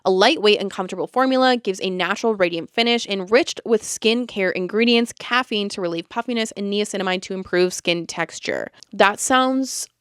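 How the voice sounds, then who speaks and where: Chatty beauty podcast lady, says like a lot, smooth voice, medium pitch. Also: fairly quick, hardly any pauses, no echo, clean studio sound. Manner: chatty, animated, lots of "like". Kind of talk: casual chat.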